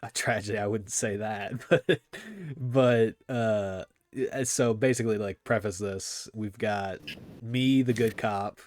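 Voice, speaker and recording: A man with a somewhat low voice hosts a casual movie podcast. He rambles along with plenty of filler words and loose, friendly phrasing. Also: fairly even intonation, slow pace. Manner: rambling, filler-heavy, laughs often. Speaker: podcast host.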